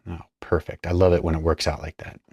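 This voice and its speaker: Deep-voiced man talking through a hands-on demo. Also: level tone, fast talker, darkish tone, slightly rough, dull audio. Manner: thinks aloud while working, chatty asides. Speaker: perfumer demonstrating a blend. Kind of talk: casual hands-on tutorial narration.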